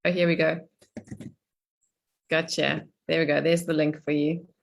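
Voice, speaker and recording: A woman's voice: deep voice, little pitch movement, a little slow, gravelly. A middle-aged woman life coach running a live online coaching session over a video call, chatty and laughing often.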